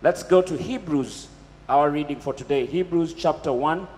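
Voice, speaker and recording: A man's voice: on the high side, normal speed, a little mellow, in a large hall, low-quality recording. A man preaching a sermon, asking his listeners questions and pressing his points with emphasis.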